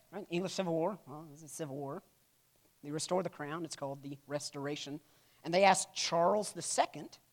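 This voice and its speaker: Chatty lecturer who keeps asking "right?". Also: medium pitch. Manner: conversational, constantly checks in with "right?"; humorous asides. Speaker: church history teacher. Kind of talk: classroom lecture.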